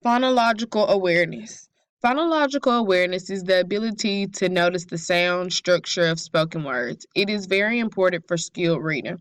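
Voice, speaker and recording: A woman's voice: on the low side, fairly quick, no room sound. A young woman student reading her class presentation aloud carefully, with occasional slips.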